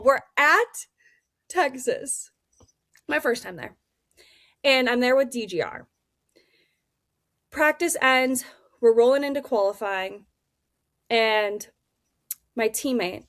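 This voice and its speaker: Young woman guest, candid and animated, swears freely, fairly high voice, dry sound. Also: no echo. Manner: blunt, animated, swears freely, acts out dialogue. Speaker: race car driver, interview guest. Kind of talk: candid casual storytelling.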